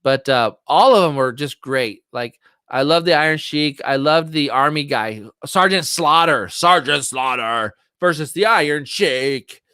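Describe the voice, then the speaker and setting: Excitable rambling middle-aged man. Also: a little high, measured pace, hardly any pauses, clear, resonant tone, dry recording, studio quality. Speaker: livestream host. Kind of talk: casual livestream chat. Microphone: streaming setup, close mic.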